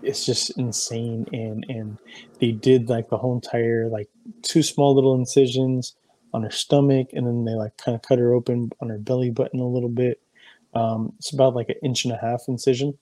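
A man's voice: mid-range voice, level tone, moderate pace, dark tone, dry recording. A young man co-hosting a casual podcast, telling stories in a heated, profanity-heavy way. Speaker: podcast co-host. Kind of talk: casual chat.

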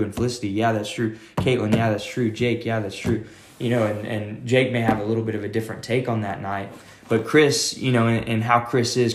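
A man talks in a rambling, easygoing way, full of fillers, restarts and "man." He is an associate pastor telling his story in a casual interview. His voice sits low, and the room gives it a noticeable echo. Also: a little hiss or hum. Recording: echoey room.

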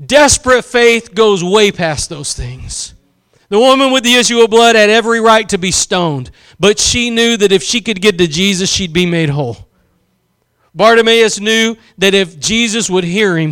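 A man's voice: high-pitched, animated, a little slow, a bit bright, clean tone. A man preaching a sermon, impassioned, drawing out key phrases for emphasis and acting out quotes.

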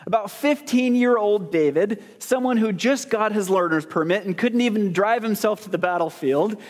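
A man's voice: high-pitched, normal speed. A man preaching a sermon as pastor, talking in a conversational, joking way and putting questions to the congregation. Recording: long hall reverb.

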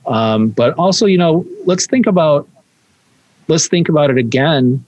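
A man hosting a conversational interview, probing and animated when he makes a point. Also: a little high, measured pace, highs cut off.

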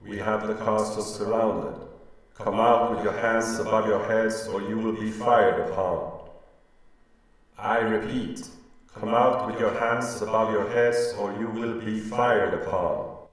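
A man voicing a stern male soldier giving loud commands to surrender in a storybook reading. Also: fairly low pitch, steady tone, slow, very echoey, distant mic, pitched above the performer's own voice, rough recording. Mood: commanding.

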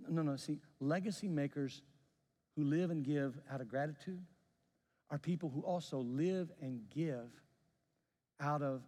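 A man's voice: on the high side, unhurried, pauses often, dark tone, long reverb tail. A man preaching a sermon as pastor, telling stories with frequent repeated restarts on words. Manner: storytelling with repeated stammered restarts.

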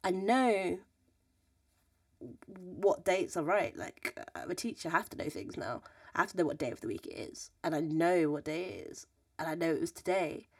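Animated young woman telling stories. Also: on the low side, normal speed, husky, dry recording. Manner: animated, mimics people in quotes, laughs often, swears. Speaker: podcast host. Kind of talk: casual storytelling chat. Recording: dry, slightly distant mic.

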